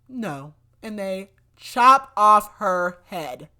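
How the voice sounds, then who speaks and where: A woman's voice: on the low side, takes it slowly, hardly any pauses, sharp tone. A young adult woman hosting a podcast, casually retelling a book's plot with lots of "like" fillers and loose quoted lines. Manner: chatty, many "like" fillers, acts out quotes loosely. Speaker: podcast host. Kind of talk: casual book recap.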